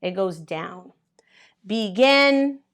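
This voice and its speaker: Her voice is medium in pitch and fairly bright, with lively intonation and a slow pace. Teaching English grammar to learners at a board where she writes in different colors, she patiently spells out letters and claps syllables.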